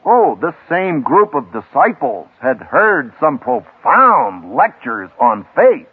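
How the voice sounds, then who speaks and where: Dramatic preacher on a tinny old broadcast. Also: male voice, very animated, slow pace, hardly any pauses, slightly rough. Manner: dramatic, emphatic delivery with wide swings in pitch and loudness. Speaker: seminary professor preaching. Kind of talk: sermon to a graduating class. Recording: tinny lo-fi archival radio broadcast.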